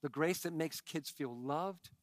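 A man preaching a sermon with emphatic swings from hushed tones to shouting and chatty asides to his congregation. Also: fairly high pitch, a little slow, dry recording. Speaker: pastor.

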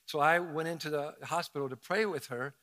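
A middle-aged man from Southern Ohio, a pastor preaching a sermon in a conversational, animated storytelling way with self-mocking asides. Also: fairly high pitch, fairly quick.

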